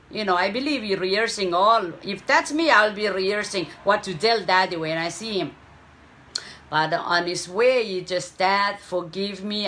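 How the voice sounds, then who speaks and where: A woman preaches. She takes her time, pressing on key words and pausing to check in with her listeners. Her delivery is unhurried and earnest. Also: mid-range voice, a bit bright. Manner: slow, emphatic preaching with frequent "okay?" checks. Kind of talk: sermon.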